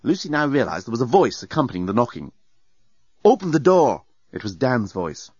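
A man narrating an audiobook in an expressive, wry storytelling way. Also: mid-range voice, fast, breathy edge, dry recording. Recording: dull, muffled sound.

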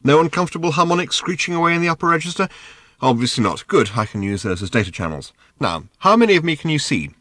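A man voicing a polite, curious shape-shifting bird in an audiobook, in a pleasant light tenor, asking brisk matter-of-fact questions. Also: on the high side, big pitch swings, fairly bright tone, no room sound, studio quality, voice pushed up. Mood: brisk, inquisitive. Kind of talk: audiobook character voice.

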